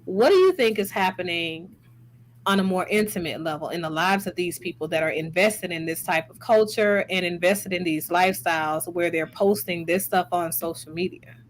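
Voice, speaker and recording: Female clinician host, low-pitched, measured commentary with drawn-out emphasis. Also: slight background noise. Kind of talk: commentary on social media clips.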